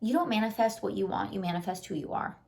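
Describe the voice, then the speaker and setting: A woman's voice: mid-range voice, quick pace, vocal fry, a little mellow. A woman vlogger giving a casual, earnest motivational talk to the camera, repeating her encouragements with lots of "like" fillers. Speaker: lifestyle vlogger and life coach.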